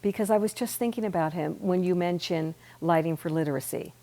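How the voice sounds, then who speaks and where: A woman's voice: on the low side, a little fast, warm tone. A woman hosting a local TV talk show, effusive and complimentary, chatting with her guest. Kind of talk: casual interview chat. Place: local TV studio.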